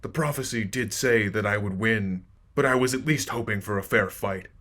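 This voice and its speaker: A man voicing a huge, scornful, dragon-like creature with a raspy, worn voice, speaking in a mocking, unhurried way. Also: on the low side, fairly bright tone, natural voice.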